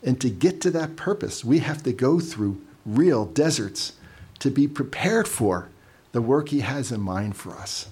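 Husky-voiced man preaching casually. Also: mid-range voice, lively intonation, measured pace, darkish tone. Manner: conversational, storytelling with asides and repeated words. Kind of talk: casual sermon.

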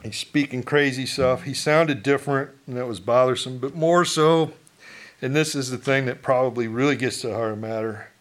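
A man's voice: medium pitch, brisk. A middle-aged man preaching a sermon as pastor, in a conversational way, asking the congregation questions and acting out townsfolk.

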